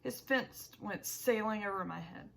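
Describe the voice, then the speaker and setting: A woman narrating an audiobook in the first person, with a measured reading and small self-corrections. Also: medium pitch, gravelly, a bit bright, rough recording.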